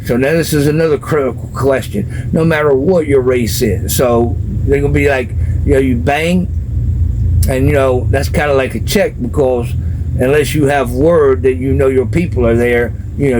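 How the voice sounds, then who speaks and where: A man's voice: mid-range voice, fairly even intonation, moderate pace. A man telling a long, casual story straight to camera, in plain street slang. He leans on "you know" and keeps it loose. There is faint ambient noise behind him. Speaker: vlogger describing prison life from experience.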